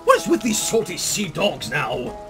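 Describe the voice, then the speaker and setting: A young man co-hosting a game playthrough, loud and teasing, swearing often. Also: high voice, huge pitch swings, normal speed, faint music behind. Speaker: gaming channel co-host. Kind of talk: casual gameplay banter.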